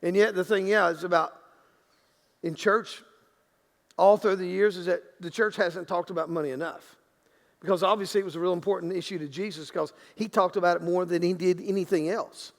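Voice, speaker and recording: High-voiced gravelly pastor preaching. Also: male voice, steady tone, a little fast, in a large hall. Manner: conversational preaching with frequent restarts and acted-out quotes. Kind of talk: sermon. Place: church sanctuary.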